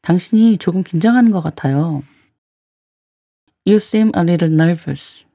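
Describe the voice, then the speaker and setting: A woman teaching English phrases, saying each in Korean and then slowly repeating it in English. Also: fairly low pitch, mellow, dry recording, studio quality. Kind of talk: slow repeat-after-me language drill.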